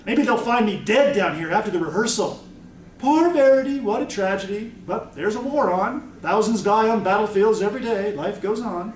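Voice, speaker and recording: Author doing a frightened young girl, shaky, high-ish, roomy. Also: normal speed, slight background noise, natural voice. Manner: nervous, stammering. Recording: echoey room, mic from far off.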